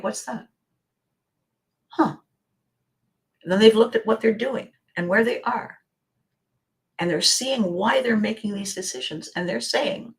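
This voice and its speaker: Slow, dramatic woman podcast host. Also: fairly low pitch. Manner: slow, deliberate, dramatic pauses dropping to near-whispers. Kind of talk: reflective motivational monologue.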